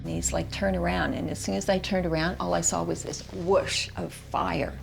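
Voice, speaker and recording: A middle-aged woman from Canada giving a halting interview testimony, repeating words and quoting her own thoughts. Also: on the low side, level tone, vocal fry, music in the background. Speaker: interviewee recounting her experience.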